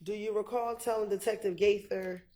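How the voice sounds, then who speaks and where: A woman prosecutor questioning a witness in a courtroom, methodical and measured. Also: medium pitch, steady tone, dark tone.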